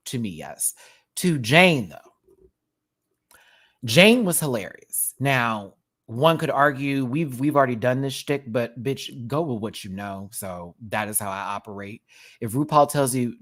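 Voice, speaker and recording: A man's voice: medium pitch, fairly bright tone. A man from Houston, hosting a live reaction stream with sassy, campy asides. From Houston, Texas. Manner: sassy and campy, quick asides and frequent laughter. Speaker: host of a live reaction show. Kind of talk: casual livestream commentary.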